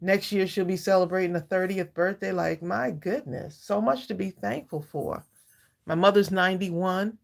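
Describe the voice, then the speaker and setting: A sixties-aged woman with a medium-pitched, vocal-fry voice chats at a moderate pace with viewers of her live craft stream. She greets people by name, speaks from the heart, and laughs frequently between thoughts.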